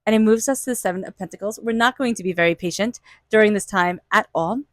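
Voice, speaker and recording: Talking fast in a mid-range voice with no echo, a woman reads tarot casually for her viewers in a vlog. Her loose, gushing delivery is packed with "like" and "you know," and she adopts playful voices whenever she quotes someone.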